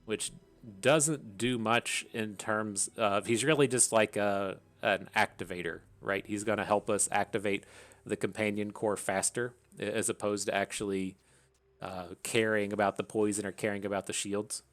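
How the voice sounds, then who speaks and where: A man's voice: on the low side, fairly even intonation, moderate pace, a bit bright. A man giving casual commentary while playing a video game, rambling, repeating words and swearing now and then. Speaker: gaming streamer.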